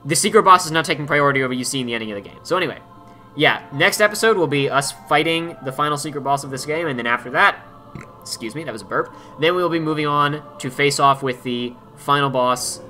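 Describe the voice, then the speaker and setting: A man's voice: on the high side, quick pace, pushed and bright. A man hosting a let's play, chatting casually in an upbeat, rambling way over faint game music.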